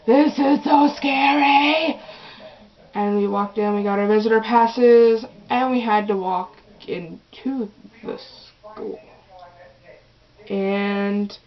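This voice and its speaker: A woman's voice: mid-range voice, steady tone, slow pace, long pauses, lo-fi sound. A young teenage girl telling a rambling, chatty story for her vlog, often restarting her sentences. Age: early teens. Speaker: vlogger.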